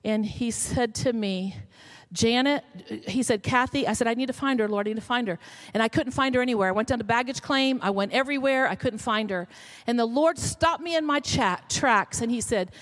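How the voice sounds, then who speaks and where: Woman pastor, sermon storytelling, emphatic, slightly high voice. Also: a little fast, a bit bright. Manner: storytelling, rising to emphatic calls.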